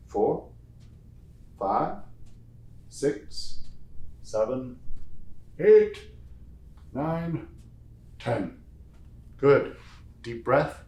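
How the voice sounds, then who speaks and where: A male fitness instructor talks slowly and patiently through a strength routine, counting each rep out loud. His voice sits at an ordinary pitch. The room around him rings with echo. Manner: counts reps aloud, playful asides. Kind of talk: guided workout instruction. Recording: echoey room.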